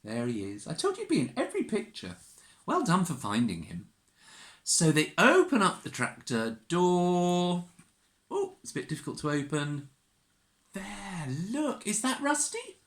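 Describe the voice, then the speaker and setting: A woman reading a picture book to young children, animated and sing-song, asking her listeners questions. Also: fairly low pitch, unhurried. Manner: makes animal noises and gasps. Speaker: children's storyteller. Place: church. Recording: roomy church echo.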